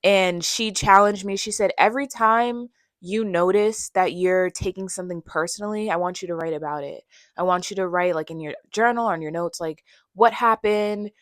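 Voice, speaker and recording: A woman's voice: mid-range voice, normal speed, no echo, studio quality. Woman just talking to her camera about her life, chatty and open, pretty mid voice, no room sound. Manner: candid and conversational, acts out her own past voice. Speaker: vlogger. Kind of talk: personal storytelling monologue.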